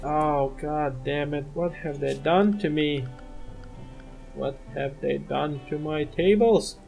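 A man's voice: fairly high pitch, takes it slowly, gravelly, darkish tone, faint music behind. A man giving gameplay commentary as a let's play host, muttering to himself, exasperated and swearing at his desk microphone.

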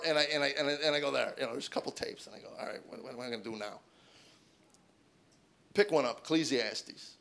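A man in his forties doing stand-up, telling a self-deprecating personal story and acting out the dialogue with his wife in shifting voices. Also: mid-range voice. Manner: self-deprecating, acts out dialogue in shifting voices, rises to excited near-shouts. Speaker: stand-up comedian. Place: stage before a live audience.

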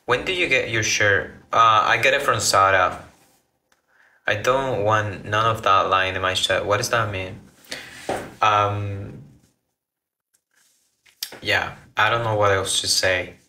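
A man with a lowish, bright, forceful voice talks unhurriedly to his live viewers. He rambles, trips over his words and starts sentences over. The room around him rings with echo. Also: steady tone, slow, long pauses, a little hiss or hum. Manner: rambling, restarts phrases, reacts to comments. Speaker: livestreamer. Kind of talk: casual live chat with viewers.

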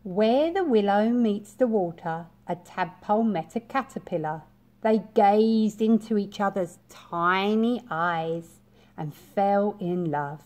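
A woman teacher reading a picture book aloud to young children, in a gentle storytelling manner. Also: mid-range voice, takes it slowly.

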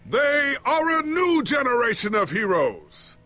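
An actor voicing a noble, remorseful older warrior in a video game, speaking in a solemn, earnest way. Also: male voice, very high voice, sing-song, measured pace, bright, forceful tone, faint music behind, full character voice. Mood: proud, earnest.

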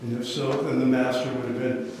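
Man preaching slow and dramatic, echoey church hall, mic far off, faint ambient hum. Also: mid-range voice, little pitch movement, a little mellow. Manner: dramatic storytelling. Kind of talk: sermon.

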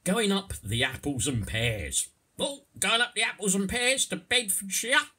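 A man's voice: high voice, big pitch swings, unhurried, pushed and bright, slightly rough, pitched above the performer's own voice, full character voice. A man putting on a Cockney accent to voice a cheeky, bantering working-class London man. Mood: jovial. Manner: jovial, bantering.

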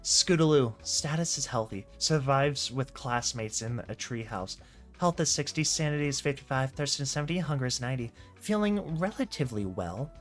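A reader casually reacting to and reading out a slideshow comic, full of excited exclamations. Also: mid-range voice, moderate pace, faint music behind.

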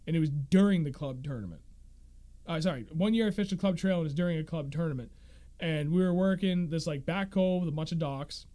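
A man in his thirties hosting a fishing podcast, telling stories in a casual, animated way and laughing often. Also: a little high. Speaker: podcast host. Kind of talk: casual chat.

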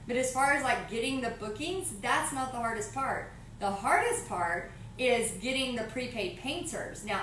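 A woman's voice: on the high side, a bit bright, far from the mic, a little hiss or hum. A woman with a Texan accent chatting casually on a live painting stream from her home art studio, upbeat and reading viewer comments aloud. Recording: roomy echo, voice a bit off-mic.

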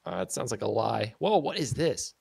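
A young man streaming a game, chatting casually in an excitable, rambling way and slipping into silly voices. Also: medium pitch, moderate pace, vocal fry, breathy edge, no room sound. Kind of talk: casual gaming stream chat.

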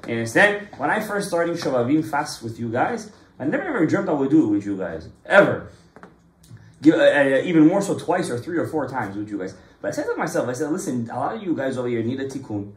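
Lively man teaching a Torah class. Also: fairly high pitch, a little fast, echoey room. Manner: lively storytelling, mixes in Hebrew and Kabbalah terms. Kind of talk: informal Torah class with a group.

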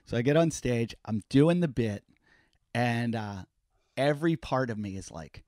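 Animated storytelling man, dry close sound. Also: mid-range voice, a little slow, no echo. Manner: animated, swears freely, acts out quoted voices. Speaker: podcast guest. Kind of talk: casual storytelling.

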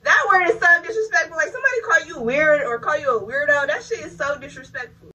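A young woman tells a story in a high, bright voice at a racing clip, animated and loose with her swearing. She talks straight to her viewers in casual storytime style. Her voice sits a little back from the mic. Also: fast, far from the mic, low-quality recording. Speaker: vlogger. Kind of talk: casual storytime while installing a wig.

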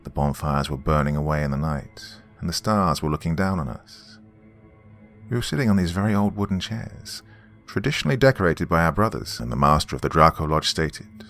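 A man narrating a horror story in a measured, dramatic way, with a gravelly voice. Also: a bass voice, lively intonation, fairly bright tone, soft background music.

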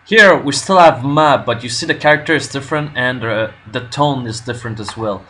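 A man working through a language lesson on his own, nervous and unsure of himself, pausing often with fillers. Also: mid-range voice, bright, forceful tone. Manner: nervous, self-doubting, halting with fillers. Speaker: language learner vlogger. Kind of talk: casual self-recorded lesson commentary.

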